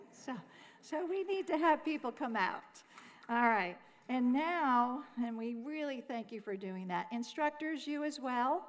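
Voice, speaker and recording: A woman's voice: high voice, animated, measured pace. A woman hosting a showcase, making chatty, pleading announcements to the audience. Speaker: event host. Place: auditorium stage. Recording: long hall reverb.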